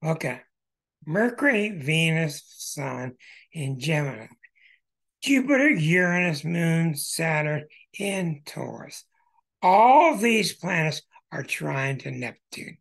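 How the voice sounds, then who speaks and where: A man with a gravelly, husky voice talks through astrology charts as a show host. His delivery swings widely in pitch and comes in emphatic bursts of excitement. He keeps an unhurried pace.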